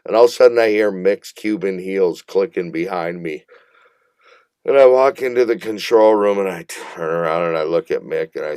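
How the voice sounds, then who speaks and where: A man from Minneapolis with a deep, low voice tells a long story as a guest musician. He talks in an animated, rambling way, swearing freely and laughing as he goes. The sound is dry and close, with no room around it. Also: normal speed, clear, resonant tone, no echo. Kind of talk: casual storytelling interview.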